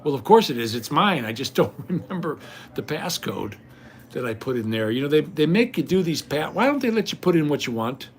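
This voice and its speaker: A man's voice: a little high, very animated, brisk, slight background noise. An older man chatting casually to his viewers, folksy and rambling, often restarting his sentences. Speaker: vlogger.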